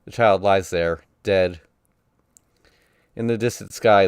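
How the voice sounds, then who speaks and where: A man's voice: lowish voice, steady tone, unhurried, pauses often, clean tone, dry recording, clean studio sound. A man reading a visual novel aloud on stream, narrating casually in the first person. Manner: casual first-person narration that voices sound effects playfully.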